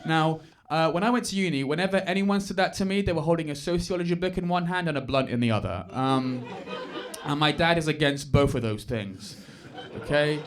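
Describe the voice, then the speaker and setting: A man's voice: fairly high pitch, brisk. A young man, doing stand-up comedy in a club and teasing the crowd. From England. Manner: chatty, teasing, crowd work. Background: audience laughter.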